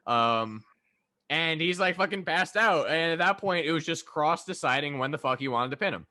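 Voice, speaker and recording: A man's voice: on the high side, expressive, normal speed, sharp tone, no echo. A man co-hosting a casual podcast, rambling with heavy swearing and lots of fillers. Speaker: podcast co-host. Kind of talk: casual chat.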